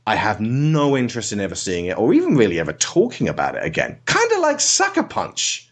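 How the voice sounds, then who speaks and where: A lower-pitched man talks through a film review in a loose, sarcastic way. His pitch swings widely as he mocks what he saw on screen, often dropping into silly put-on voices. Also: quick pace. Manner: sarcastic, animated, breaks into mock voices. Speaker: podcast host reviewing a film. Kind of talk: casual spoken film review.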